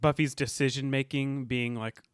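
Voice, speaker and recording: A man's voice: medium pitch, steady tone, moderate pace, smooth, no echo, studio quality. A man co-hosting a podcast, chatting casually through an episode recap with lots of fillers and frequent laughter. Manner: laughs often, loose and chatty with many fillers. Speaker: podcast co-host.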